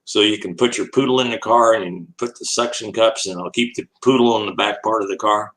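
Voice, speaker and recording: A man's voice: lowish voice, fairly quick, fairly bright tone, poor audio. An older man, an animal educator, telling a long anecdote as an interview guest, laughing often and acting out the voices in his story.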